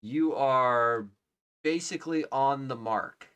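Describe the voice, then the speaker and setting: A man live-streaming his coding, reading out names as he checks them and thinking aloud, often trailing off into quiet murmurs. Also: mid-range voice, slow, clean tone. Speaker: livestreaming software developer. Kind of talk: casual live-coding commentary.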